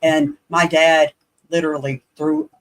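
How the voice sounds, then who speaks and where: A woman on a live-stream panel who reacts with animated exclamations and shares memories. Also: deep voice, unhurried. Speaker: panel guest. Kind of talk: casual chat on a live stream.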